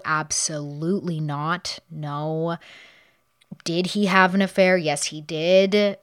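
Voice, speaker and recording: A woman's voice: on the low side, a bit bright. A woman hosting a true crime podcast, retelling a case in a casual, conversational way, asking herself questions and answering them. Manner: conversational, rhetorical questions and answers, frequent restarts.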